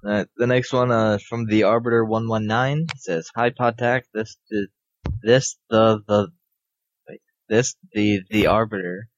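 Low-voiced male co-host, halting reads. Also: steady tone, no room sound, muffled recording. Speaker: podcast co-host. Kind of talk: casual chat, reading listener emails.

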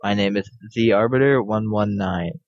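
A lower-voiced man in casual podcast chat, tripping over words as he reads listener mail. The recording is dull and muffled. The sound is dry, with no room echo. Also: creaky. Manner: stumbling, halting reads. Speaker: podcast co-host.

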